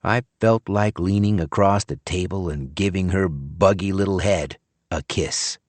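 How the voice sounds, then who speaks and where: A man narrating an audiobook thriller in a measured, wry tone. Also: deep voice, no echo. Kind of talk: scripted narration.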